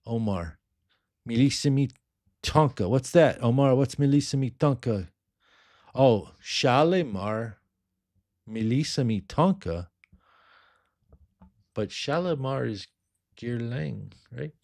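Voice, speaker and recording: A middle-aged man who sells fragrances, chatting casually on a livestream and rambling through viewer questions with many quiet asides. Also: medium pitch, lively intonation, slow pace, vocal fry, long pauses. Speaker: fragrance seller answering live chat.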